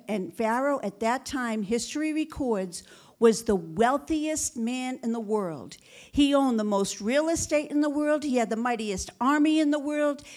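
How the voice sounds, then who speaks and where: A woman's voice: on the high side, a little mellow. A woman pastor preaching a sermon, fervent and repetitive, with rhetorical questions and calls of "Amen?" to the congregation. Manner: repeats phrases for emphasis.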